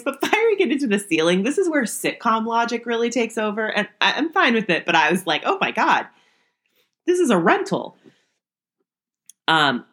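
With a lowish, fairly bright voice, this young podcast host walks through an episode of an old sitcom in a chatty style, frequently breaking into laughter.

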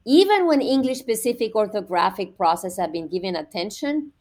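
Woman explaining at a measured pace. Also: medium pitch, darkish tone. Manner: measured, explanatory, with repeated restarts. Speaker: education researcher guest. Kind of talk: podcast interview, explaining.

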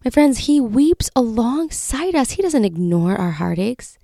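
A woman in her thirties hosting a faith podcast, speaking in an earnest, heartfelt way that often drops to a soft whisper. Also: a little high, very animated, a little slow, gravelly, no echo, clean studio sound. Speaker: podcast host.

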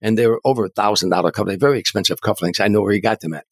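Older man telling lively stories. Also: on the low side, very fast, no echo. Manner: animated anecdotes, stammering restarts. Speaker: interview guest, comedian and author. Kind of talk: storytelling in an interview.

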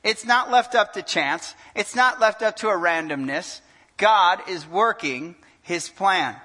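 A male pastor preaching a sermon in an animated way, asking the congregation questions and joking. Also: high voice, a little slow. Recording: long hall reverb.

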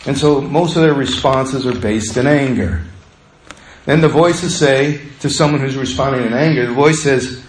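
A man's voice: mid-range voice, moderate pace, roomy sound, a little hiss or hum, rough recording. A male pastor preaching a sermon in a conversational way, acting out the voices he quotes.

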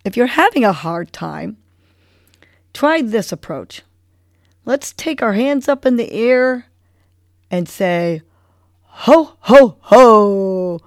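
Woman host, slow, encouraging breathing coach with a slightly gravelly edge. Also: on the high side, sing-song, no room sound, clean studio sound. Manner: slow, soothing and encouraging, with laughing exercises. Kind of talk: guided breathing exercise.

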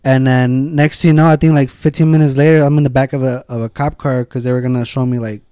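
A man talking quickly in a rambling, casual way, packing his story with fillers and swearing. The sound is dry and close, with no room around it. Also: mid-range voice, fairly even intonation, warm tone, clear, resonant tone, no room sound. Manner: rambling, full of "like" and restarts, swears freely.

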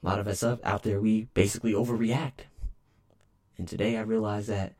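A man's voice: fairly low pitch, steady tone, brisk, warm tone. A man podcaster delivering a rambling, emphatic solo rant.

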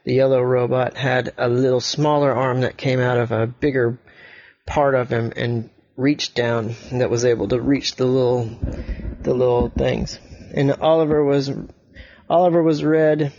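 A man improvising a bedtime story, telling it in a hesitant, halting way with many restarts. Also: medium pitch, level tone, a little mellow, highs cut off.

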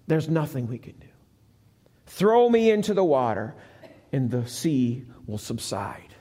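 A man's voice: medium pitch, sing-song, measured pace, warm tone, breathy edge, pitched below the performer's own voice. A man voicing a reluctant, grumbling male prophet in a live church sermon. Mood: resigned. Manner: sulky, defensive complaining. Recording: long hall reverb.

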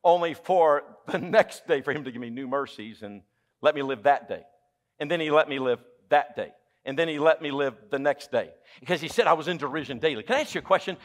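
In a church sanctuary, a man with a Southern US accent preaches briskly, his voice on the high side. His sermon is emphatic and humorous, moving between loud exclamations and hushed lines while he asks the congregation questions.

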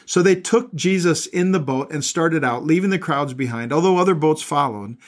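A man's voice: a little high, moderate pace. A middle-aged male pastor reading scripture aloud and breaking off into plain, earnest commentary, often repeating words as he goes.

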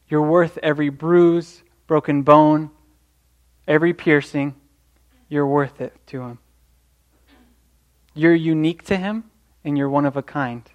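A man's voice: on the high side, steady tone, a little slow, long pauses, lo-fi sound. A young man preaching a sermon in an earnest, encouraging way, often restarting his sentences. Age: young adult.

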